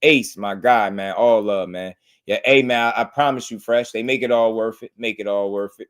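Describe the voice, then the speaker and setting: A man's voice: lowish voice, moderate pace. A man, hosting a casual boxing livestream and chatting loosely with his viewers. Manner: loose and talkative, slangy.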